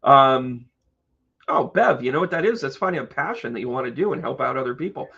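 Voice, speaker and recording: Guy doing a casual astrology stream, gravelly voice, kinda dull lo-fi audio, jokes around w viewers. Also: medium pitch, expressive, a little fast, a bit bright. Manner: chatty and joking, talking to viewers by name. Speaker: astrologer and tarot reader hosting a live stream. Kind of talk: casual live stream chat.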